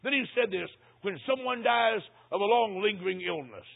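Gravelly older man preaching a story. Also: high voice. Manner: dramatic storyteller, slows for emphasis. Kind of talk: sermon storytelling. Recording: tinny phone-like recording.

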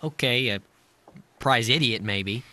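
A woman's voice: extremely low pitch, slow pace, pushed and bright, full character voice. A woman voicing a cocky teenage boy who cracks sarcastic jokes. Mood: joking. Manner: sarcastic, joking.

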